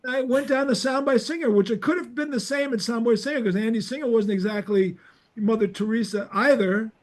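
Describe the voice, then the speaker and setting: High-voiced older man telling animated stories. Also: a little fast. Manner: animated anecdotes, acts out dialogue. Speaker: podcast host. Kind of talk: casual storytelling chat.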